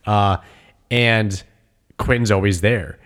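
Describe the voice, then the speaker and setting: A man hosting a podcast in casual chat, relaxed and swearing freely. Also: lowish voice, extremely slow. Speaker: podcast host.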